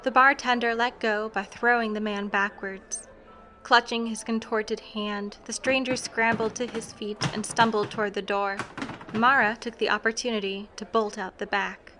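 A woman narrates a scripted story at a measured, even pace. Her voice is bright and clear. Faint instrumental music runs behind her reading. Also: mid-range voice.

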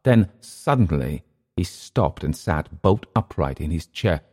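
A man reading a vintage short story aloud in steady, measured narration. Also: deep voice, slightly rough.

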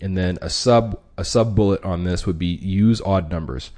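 Brief: male podcast host, lowish voice, casual slangy explainer. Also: moderate pace, darkish tone. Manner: conversational, many restarts, slangy. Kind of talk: casual instructional talk.

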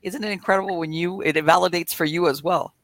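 A woman hosting a podcast interview, chatting casually and asking halting questions. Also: fairly low pitch, fairly even intonation, dry recording. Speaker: podcast host.

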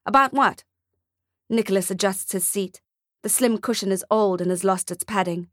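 A woman narrating a dark-humoured short story with a measured, scripted delivery. Her voice sits at a middle pitch for a woman and is recorded close and dry, with no room sound. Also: steady tone, no echo. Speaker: audiobook narrator.

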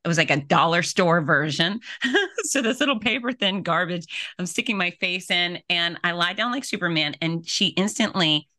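A middle-aged woman with a low but bright, forceful voice tells her story on a podcast. She is lively and expressive. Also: moderate pace. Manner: vivid, expressive, with laughs and acted-out quotes. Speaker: podcast guest, fitness expert and speaker. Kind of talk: animated storytelling in an interview.

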